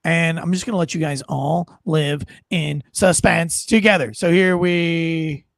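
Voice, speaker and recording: A man hosting a podcast in casual chat, rambling and animated, often poking fun at himself, on a close studio mic. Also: on the high side, moderate pace, creaky, no echo. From North Carolina. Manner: rambling, animated, self-deprecating. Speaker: podcast host.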